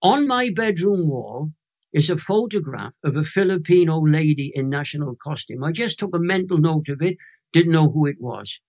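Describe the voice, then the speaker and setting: Welsh man in his eighties, fairly high voice, animated storytelling, dramatic pauses, interview guest. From Wales. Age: 80s. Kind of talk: storytelling testimony.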